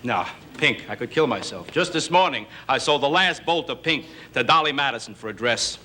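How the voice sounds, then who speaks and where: An actor playing a pushy, fast-talking male merchant with a salesman's wheedling patter in a 1960s TV comedy sketch. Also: mid-range voice, lively intonation, sharp tone. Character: pushy, wisecracking male merchant haggling over goods. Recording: noisy 1960s broadcast audio.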